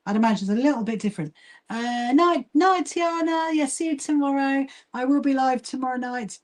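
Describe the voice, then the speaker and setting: A woman's voice: high-pitched, fairly quick, darkish tone. A woman with a southern English accent hosting a casual sewing livestream, chatting to viewers while she works. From England. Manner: chatty, greets viewers, talks while working, frequent restarts. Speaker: livestream host and quilting association founder.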